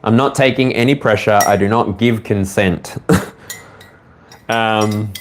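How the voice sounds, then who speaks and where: A man's voice: lowish voice, takes it slowly, background noise. An Australian man giving a casual tarot reading at home, rambling with many fillers and speaking straight to the viewer. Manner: loose and rambling, frequent fillers; direct second-person address to the viewer. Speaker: tarot reader.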